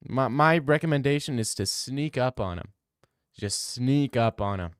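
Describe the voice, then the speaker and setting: A man's voice: medium pitch, animated, normal speed, clear, resonant tone, no room sound, studio quality. Crude rambling young streamer guy. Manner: rambling, crude, jokey, slips into silly voices. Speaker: livestream host answering chat. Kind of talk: crude casual livestream chat.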